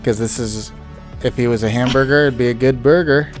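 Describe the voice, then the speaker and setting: A man hosting a casual podcast with a playful, upbeat delivery. His voice sits at an ordinary middle pitch. A faint bed of music can be heard underneath. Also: a little fast. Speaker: podcast co-host.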